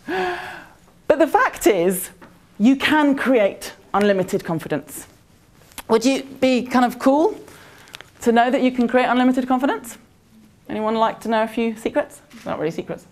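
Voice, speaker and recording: A woman whose voice is fairly high and darkish speaks at a conference, offering motivation in a chatty manner. Along the way she asks the audience questions.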